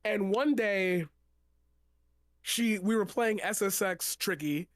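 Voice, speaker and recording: A man's voice: sits high, slow, dry recording, clean studio sound. A young man, a poet guest on a stream, casually telling a rambling personal story, laughing and swearing freely.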